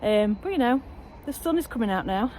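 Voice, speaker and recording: A woman's voice: a little high, animated, fairly quick, darkish tone. Chatty woman outdoors on a windy allotment. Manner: chatty, rambling, self-encouraging. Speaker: allotment vlogger. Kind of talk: casual outdoor vlog chat. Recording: outdoor wind and traffic noise.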